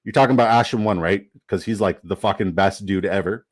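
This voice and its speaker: A man hosting a live stream, upbeat and chatty, swearing casually and giving shout-outs. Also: lowish voice, brisk, no room sound, low-quality recording. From Canada. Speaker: livestream host. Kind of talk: casual livestream commentary.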